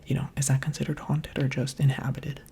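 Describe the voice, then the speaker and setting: A man speaking in a soft, mostly unvoiced whisper, giving chatty, rambling, playful ASMR commentary while he plays a video game, close to the microphone. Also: medium pitch, completely flat delivery, fairly quick, creaky, slight background noise. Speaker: gaming ASMR creator.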